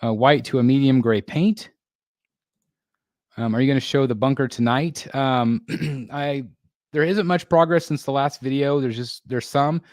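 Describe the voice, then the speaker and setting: A man's voice: mid-range voice, dry recording, clean studio sound. A man hosting a casual livestream, reading out viewer comments with lots of fillers, restarts and small laughs. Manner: halting, many fillers and restarts, laughs often. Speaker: livestream host. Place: home room being built.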